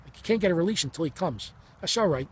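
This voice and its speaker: A man's voice: high-pitched, expressive, rapid-fire, slightly rough. A man in his fifties telling a personal story in a heated, blunt and profane way, acting out the dialogue as he goes. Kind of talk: emotional first-person storytelling.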